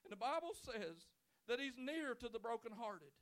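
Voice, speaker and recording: A male pastor preaching a sermon in church, swinging from loud pleading to quiet, intimate talk. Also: very high-pitched, sing-song, normal speed. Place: church sanctuary.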